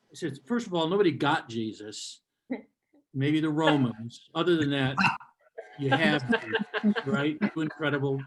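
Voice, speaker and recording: Older male comic with a sardonic, mock-hostile delivery and a slightly raised pitch, working a live crowd. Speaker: stand-up comedian. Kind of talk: stand-up comedy set. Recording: live comedy club with audience.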